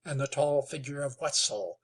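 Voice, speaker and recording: A man reading a western novel aloud in a measured, steady way. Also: a little high, slightly rough. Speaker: audiobook narrator. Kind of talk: scripted narration.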